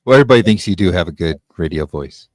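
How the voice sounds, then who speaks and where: Deep-voiced male host who hesitates a lot. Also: lively intonation, very fast, no room sound, clean studio sound. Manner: hesitant, lots of ums and restarts. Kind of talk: casual conversation on a live stream.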